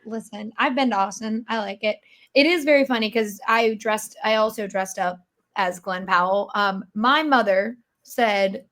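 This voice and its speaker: A woman's voice: medium pitch, steady tone, moderate pace, a bit bright. A woman hosting a podcast, telling stories in a wry, casual way. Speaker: podcast host.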